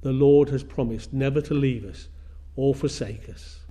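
A man preaching a sermon in a measured way, repeating phrases for emphasis. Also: medium pitch, dark tone.

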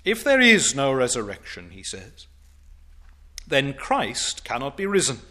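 Man, preacher, sermon, slow deliberate pace, emphatic stressed phrases. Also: wildly swooping pitch. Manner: falls to a low, quiet voice on solemn points.

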